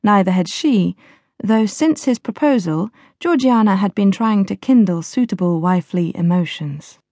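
A woman narrating a novel as an audiobook reader, in a measured, even storytelling manner. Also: medium pitch, no room sound.

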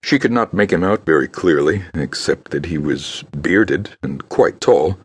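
Very deep husky male narrator. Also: animated. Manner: measured, grave storytelling. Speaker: audiobook narrator. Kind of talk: scripted narration.

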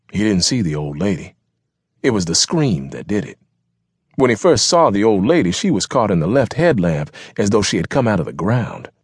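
Deep, husky male audiobook narrator. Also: no room sound, clean studio sound. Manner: dramatic, expressive reading. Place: recording studio. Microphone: close studio mic.

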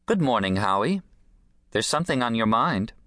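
A male audiobook narrator voicing an earnest, intuitive young woman who speaks in a gently teasing way. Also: mid-range voice, big pitch swings, moderate pace, no room sound, clean studio sound, voice pushed up.

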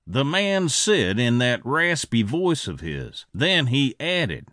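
A man narrating a western audiobook in an expressive, scripted storytelling style. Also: medium pitch, takes it slowly, few pauses, no echo, studio quality.

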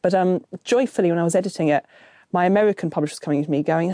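A woman's voice: fairly low pitch, rapid-fire, warm tone, no room sound. Dry, self-mocking woman. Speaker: novelist guest. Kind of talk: casual interview chat.

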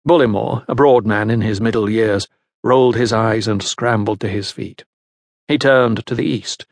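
A man giving a measured, scripted narration of a historical novel. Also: lowish voice, no room sound, studio quality. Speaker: audiobook narrator.

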